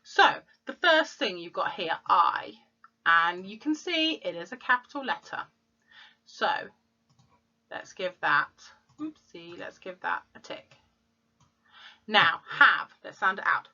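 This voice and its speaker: A woman teacher, slowly sounding out letters and words in a phonics lesson for young children. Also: mid-range voice, animated, bright, forceful tone, highs cut off. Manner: slow, clear sounding-out of letters. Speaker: primary school teacher.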